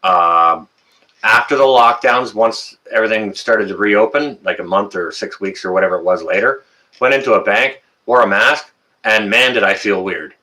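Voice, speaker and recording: A middle-aged Canadian man with a Canadian accent hosts a casual live stream, chatting and rambling through viewer comments with lots of "uh" fillers. His fairly low voice is bright and forceful at a normal speed. The recording quality is low.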